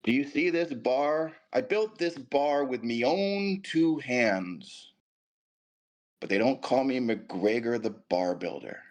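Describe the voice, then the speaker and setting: A proud Scottish drinker , as a man puts him on in a joke, drawls with slow, heavy emphasis. His voice climbs well above the man's own low tone, as in a told joke. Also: animated. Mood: boastful. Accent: Scottish (put on). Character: boastful Scottish man in a bar.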